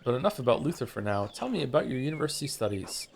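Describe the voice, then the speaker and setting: A man's voice: mid-range voice, big pitch swings, quick pace, gravelly, hardly any pauses, breathy edge. A man streaming a game, reading its text aloud and swearing often in rambling asides, stumbling over names. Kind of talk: live game stream read-along.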